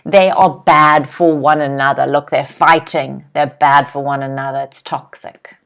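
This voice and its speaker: A young woman teaching English in a live online lesson, reading out viewers' comments and drilling new words with clear, slow pronunciation. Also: extremely low pitch, steady tone, fairly bright tone. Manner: clear, slow word-by-word pronunciation drills with frequent "okay?" checks; reads viewers' comments aloud and laughs lightly.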